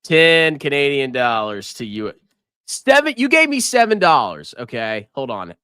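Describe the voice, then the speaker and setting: A man's voice: mid-range voice, very animated, unhurried, sharp tone, clean tone, no echo, studio quality. A man hosting a live finance stream, reading viewer messages and mocking them with frequent laughter. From United States. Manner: teasing, mocking, laughs often. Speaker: livestream finance host.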